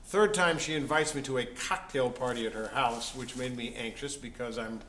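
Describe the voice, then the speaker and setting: A man at an average pitch tells stories from his life as a musician in an easy, casual way. He often makes fun of himself with wry humor. His voice is recorded in a reverberant room, with a faint hum of noise underneath. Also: steady tone, normal speed, a bit bright. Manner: wry, self-deprecating humor. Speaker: interviewed musician. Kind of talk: casual anecdotal storytelling. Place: event venue, indoors. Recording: roomy echo, faint background noise.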